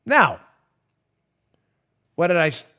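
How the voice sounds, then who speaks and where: This podcast host has a fairly high-pitched male voice and takes his time. He delivers a talk-show-style opinion monologue as an emphatic, sarcastic, animated rant.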